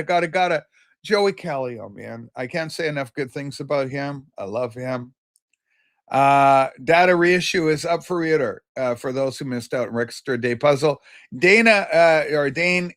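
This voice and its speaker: A man hosts a loose, casual livestream and talks on in a rambling way. He greets viewers by name and reads their comments aloud. His voice sits fairly high. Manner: loose and chatty, with many fillers and restarts. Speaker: livestream host.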